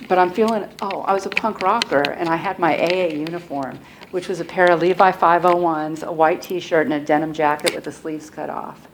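Low-pitched middle-aged woman, soft and halting, sharing her recovery story; recording has audible noise. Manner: soft-spoken, halting storytelling with frequent restarts. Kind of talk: personal recovery testimony. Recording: clear background noise and clicks.

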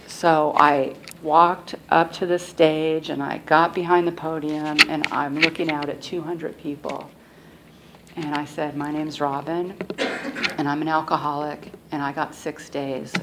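Low-pitched middle-aged woman, soft and halting, sharing her recovery story; recording has audible noise. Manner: soft-spoken, halting storytelling with frequent restarts. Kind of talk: personal recovery testimony. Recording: clear background noise and clicks.

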